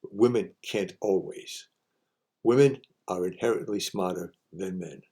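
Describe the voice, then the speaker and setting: A man's voice: low-pitched, measured pace, dark tone. A man hosting a folksy monologue of homespun advice, repeating each saying for emphasis. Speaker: host sharing sayings.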